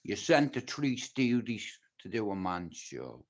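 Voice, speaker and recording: A man's voice: lowish voice, big pitch swings, unhurried. Dublin man, livestream host, blunt and heavy on the swearing, raw personal storytelling. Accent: Dublin Irish. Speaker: livestream host telling his life story. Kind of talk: casual storytelling monologue.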